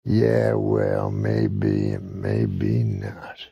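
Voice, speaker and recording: A man voicing a big, belligerent redneck customer in a told joke, taunting in a gruff, dropped-down voice. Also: sing-song, extremely slow, mellow, no echo, studio quality, heavily acted. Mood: menacing. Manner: gruff, taunting, drops low.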